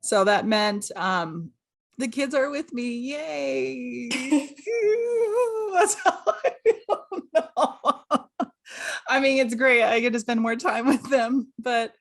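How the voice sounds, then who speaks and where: High-voiced tired laughing woman. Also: takes it slowly, creaky. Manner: laughing, tired, self-mocking. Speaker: co-host. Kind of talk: casual podcast chat.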